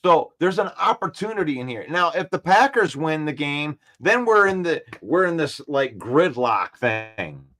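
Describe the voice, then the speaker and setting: A man with a fairly high voice hosts a sports talk show in an animated, trash-talking way. He keeps repeating his points and gets worked up as he talks. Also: a little slow, few pauses.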